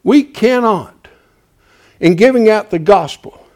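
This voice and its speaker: Fiery high-voiced male preacher. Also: lively intonation, slow. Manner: emphatic, swings from loud urging to quiet pleading; repeats "bless God" as a filler. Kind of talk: fiery sermon.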